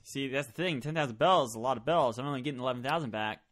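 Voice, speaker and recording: A man's voice: mid-range voice, rapid-fire, a bit bright. A man co-hosting a casual gaming podcast, teasing and laid-back, swearing casually. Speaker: podcast co-host.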